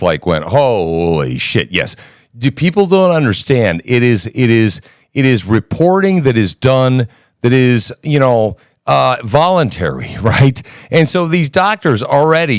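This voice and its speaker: A man's voice: medium pitch, no room sound, studio quality. A man in a live audio chat, explaining emphatically and checking in with listeners. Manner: emphatic explaining, keeps asking "right?". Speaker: chat participant. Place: remote live audio room.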